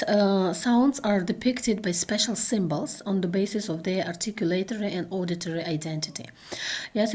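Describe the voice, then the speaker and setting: A woman lecturing on translation theory, halting with frequent fillers and checking in with "yes" as she goes. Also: fairly low pitch, a little mellow. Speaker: university lecturer.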